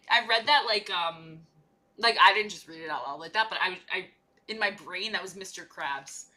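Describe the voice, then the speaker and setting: This time her voice is lowish and a little slow, still bright and forceful, as the young woman paints miniatures on stream. She keeps the talk casual and playful, drifting from one joke to another.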